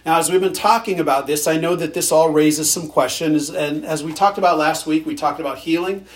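A man's voice: fairly high pitch, steady tone, fairly quick. A male pastor preaching a sermon in a conversational way, with dry sarcastic humor.

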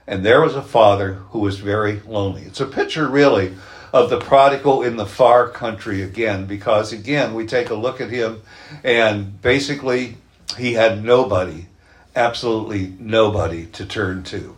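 Earnest male preacher telling stories. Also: fairly low pitch. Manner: earnest storytelling, slows down for emphasis. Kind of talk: sermon.

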